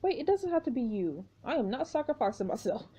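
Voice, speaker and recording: A woman's voice: high-pitched, big pitch swings, brisk, dark tone, breathy edge, pitched above the performer's own voice, heavily acted. A woman voicing a frightened teenage heroine in a story game, urgently pleading with a friend. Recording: dull lo-fi recording.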